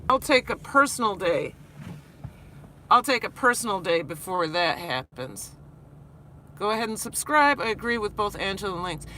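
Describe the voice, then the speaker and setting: A woman who teaches high school, vlogging live while worn out after crying, talking earnestly with halting restarts as she reads her chat. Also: very animated, bright, forceful tone, slight background noise. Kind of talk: live-stream vlog, reading chat.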